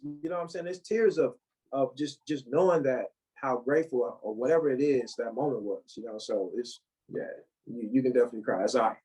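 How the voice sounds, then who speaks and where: A man telling a personal story as a podcast guest, halting and full of restarts, close to tears. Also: mid-range voice, mellow, slightly rough, rough recording. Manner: halting, many restarts and you-knows, holding back tears.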